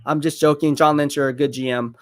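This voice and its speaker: His pitch runs on the high side and he talks a little quickly. He's a man streaming a live football watch party, excitedly reacting to the action, chatting with viewers, and circling back to the same points.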